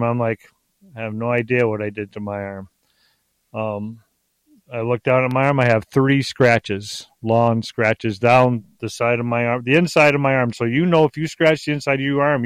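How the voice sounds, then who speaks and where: A middle-aged man telling stories as a podcast guest in a rambling, excitable way, often restarting his sentences. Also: mid-range voice, clear, resonant tone, no room sound. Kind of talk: casual storytelling on a podcast.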